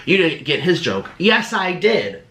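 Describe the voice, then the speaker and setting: A man's voice: on the high side, very animated, measured pace, fairly bright tone. A young man YouTuber talking casually to camera, rambling and defensive, slipping into sarcastic quoted voices. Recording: echoey room.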